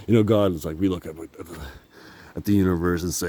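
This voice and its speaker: A man's voice: sits low, lively intonation, moderate pace, long pauses, mellow, slight background noise. A man vlogging on his phone while walking outdoors, talking in a meandering, candid way, laughing often and swearing casually. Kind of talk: rambling walk-and-talk vlog. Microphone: phone held while walking.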